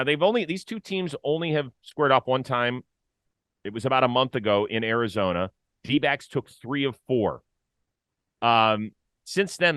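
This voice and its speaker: A man's voice: medium pitch, fairly bright tone, dry recording, studio quality. A man hosting a baseball talk show, playful and stat-heavy in casual chat.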